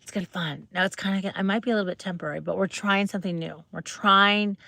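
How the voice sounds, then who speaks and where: A woman's voice: medium pitch, steady tone, quick pace, vocal fry, bright, forceful tone, no echo. A woman hosting a casual livestream, chatting bubbly and rambling with viewers, greeting them and asking questions. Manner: rambling, with many fillers and restarts. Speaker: livestream host.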